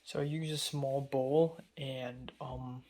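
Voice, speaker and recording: A man's voice: medium pitch, fairly even intonation, slow pace, a little mellow, a little hiss or hum. A young man, a college student, talking through a casual spoken diary while feverish and dizzy, rambling with many fillers and restarts. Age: young adult. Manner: rambling and hesitant, full of fillers.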